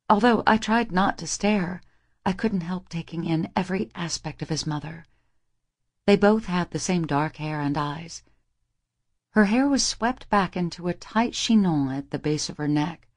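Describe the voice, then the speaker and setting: A woman's voice: fairly low pitch, moderate pace, a little mellow. Young woman reading a romance aloud. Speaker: audiobook narrator. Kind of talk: first-person romance narration.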